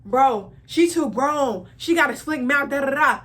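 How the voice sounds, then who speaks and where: A dismissive young brother scolds his sister in a mocking tone, as a woman mimics him. The voice is pitched a little above her usual talk. It comes across as a quick impression in a casual vlog. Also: lively intonation, fairly bright tone.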